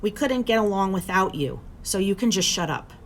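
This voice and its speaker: A woman reading aloud, voicing a tough, protective teenage greaser boy in a lowered, rough delivery. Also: animated, moderate pace, a little hiss or hum, close to an everyday voice. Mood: stern.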